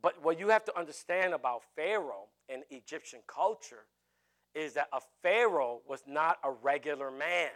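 A man preaching a sermon in an animated way, with jokey asides. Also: a little high, normal speed.

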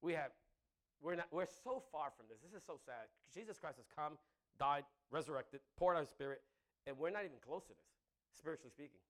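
A male preacher with a notably high voice delivers an animated sermon. He swings from loud, emphatic exclamations to quiet, conversational asides, often checking in with the congregation. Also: brisk.

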